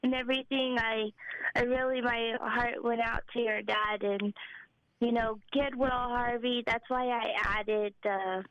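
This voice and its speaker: Gushing New caller on a dull phone line. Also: female voice, on the high side, fairly even intonation, a little slow, a bit bright, smooth. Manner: gushing, rambling, fillers and restarts. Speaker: caller, fan of the show. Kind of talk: phone-in chat.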